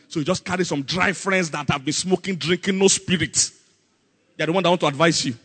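A man preaching a sermon, animated and calling out questions for the congregation to answer. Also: high-pitched, husky, big-room sound. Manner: animated, call-and-response with congregation, acts out Bible scenes.

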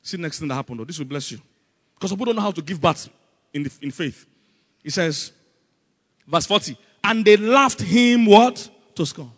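A man preaching a sermon, animated and calling out questions for the congregation to answer. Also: fairly high pitch, fast talker, pauses often, slightly rough, in a large hall. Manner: animated, call-and-response with congregation, acts out Bible scenes.

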